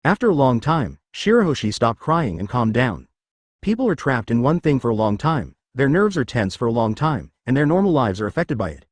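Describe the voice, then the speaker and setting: A man's synthetic voice narrating a fan fiction story in a steady machine read. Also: medium pitch, fairly quick, no echo, clean studio sound.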